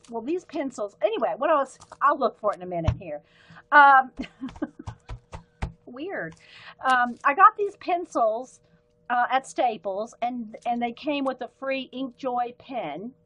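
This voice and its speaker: A Southern woman chats casually through a live art stream, her voice sitting a little high. She rambles from one pen to the next, filling pauses with ums and breaking off mid-sentence to correct herself. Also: sharp tone, poor audio. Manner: chatty and rambling, with frequent ums and self-interruptions. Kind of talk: casual livestream chat.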